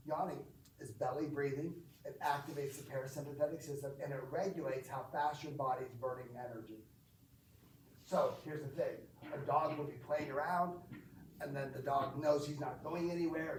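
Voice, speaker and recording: A man's voice: mid-range voice, distant mic, a little hiss or hum. Man teaching breathwork in an echoey room. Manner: explanatory, asks the group questions. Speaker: breathwork instructor. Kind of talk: instructing a group. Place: gym or team room.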